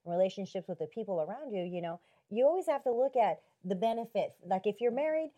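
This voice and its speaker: A woman's voice: mid-range voice, expressive, fast, dark tone. A woman on a Christian talk show reflecting on relationships through repeated rhetorical questions.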